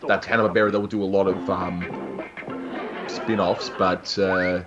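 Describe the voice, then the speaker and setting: A man's voice: deep voice, flat delivery, moderate pace, over music. A man hosting a casual watch-along commentary, rambling and chuckling, with many fillers and restarts. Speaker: channel host. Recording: dull lo-fi audio with cartoon soundtrack behind.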